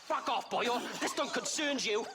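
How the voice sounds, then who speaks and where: An actor playing a hostile, sneering bounty hunter with a Welsh accent in a western game. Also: male voice, very high-pitched, expressive, moderate pace, background noise.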